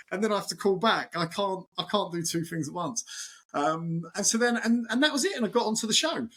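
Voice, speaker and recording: Middle-aged male chef guest, fairly high voice, lively storyteller who acts out the dialogue. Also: fairly quick. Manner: animated, acts out quotes, many restarts. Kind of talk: casual storytelling chat.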